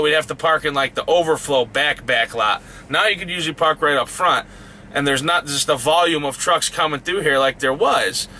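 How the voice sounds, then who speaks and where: A fired-up male trucker tears into a truck stop, cursing nonstop and climbing higher as his outrage builds. His voice sits fairly high for a man and rings bright and forceful. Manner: heated, swears constantly, voice rising in outrage. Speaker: truck driver vlogger. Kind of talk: angry profane rant.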